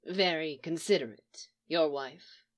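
A woman's voice: low-pitched, unhurried, pitched below the performer's own voice. A woman reading the lines of a guarded, wry man who was recently freed, giving glib, dry replies.

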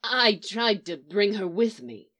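A woman reading aloud, voicing a hoarse grown man with a dry sardonic drawl. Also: mid-range voice, very animated, takes it slowly, fairly bright tone, full character voice.

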